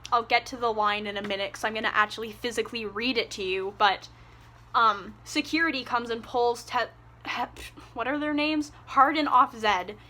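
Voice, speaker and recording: Young woman ranting about a book, fairly high voice, sarcastic, swears a lot. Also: normal speed, sharp tone. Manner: exasperated, sarcastic, swears freely. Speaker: book reviewer. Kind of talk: ranting casual book review.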